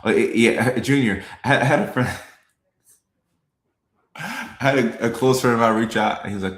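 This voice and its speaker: A man's voice: lowish voice, normal speed, gravelly, pauses often, a bit bright, echoey room. A young man, a comedian, chatting casually on a live stream, reading comments and repeating his lines with a laid-back chuckle.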